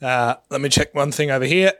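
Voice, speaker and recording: A man's voice: mid-range voice, fairly quick, fairly bright tone, no echo, clean studio sound. A man co-hosting a casual podcast, teasing and joking with his co-host.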